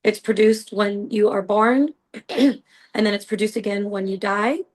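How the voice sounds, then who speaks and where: A woman's voice: medium pitch, unhurried, low-quality recording. Woman, podcast host, casual storytelling, earnest, rambling, lots of fillers. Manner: earnest, rambling, heavy use of "like" and "you know".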